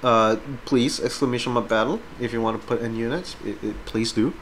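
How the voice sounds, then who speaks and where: A man's voice: medium pitch, fairly quick, slight background noise. A man on a live stream, chatting casually with viewers and reading a book aloud. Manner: casual, rambling, with fillers; lively when reading. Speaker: streamer and reader.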